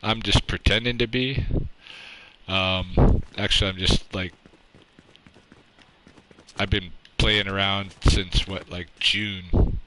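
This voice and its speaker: A man's voice: deep voice, fairly even intonation, takes it slowly, pauses often. A man chatting with his viewers on a livestream into his own microphone, rambling and self-deprecating, with lots of fillers and casual swearing. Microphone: own microphone close up. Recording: clear background noise.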